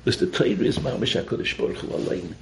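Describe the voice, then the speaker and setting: A man's voice: medium pitch, big pitch swings, fast talker, creaky, slight background noise, rough recording. A man giving a Torah talk full of stories, mixing in Yiddish and Hebrew terms. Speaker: Torah teacher.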